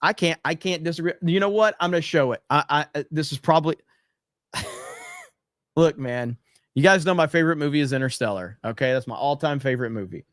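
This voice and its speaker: A man's voice: fairly high pitch, animated, a little fast, fairly bright tone, no echo, studio quality. A man hosting a casual livestream, reading viewer chats aloud and reacting in a loose, profane way with frequent laughter.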